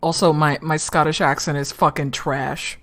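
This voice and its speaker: A woman's voice: sits low, level tone, moderate pace, fairly bright tone, slight background noise. A woman giving casual commentary while playing a game, swearing freely and laughing often. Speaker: let's play gamer.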